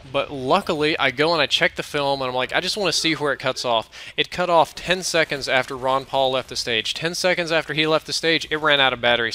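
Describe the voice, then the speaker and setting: A man's voice: mid-range voice, pushed and bright, clean tone. A young man from the American South telling a rambling, self-mocking story over gameplay in a casual commentary. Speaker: gaming commentator.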